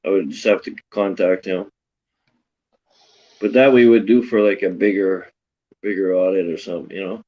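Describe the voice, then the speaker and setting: A laid-back man chats casually on a stream, tossing out slang. His voice sits low. The audio is dull and lo-fi. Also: fairly even intonation, moderate pace, long pauses. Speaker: stream chat participant. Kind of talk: casual chat.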